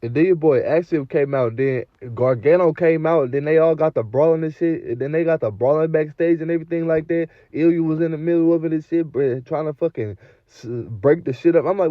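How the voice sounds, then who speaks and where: A man's voice: on the high side, fairly quick, dry recording, muffled recording. A man recapping a wrestling show in a casual, profane, slang-heavy rant full of repeated fillers.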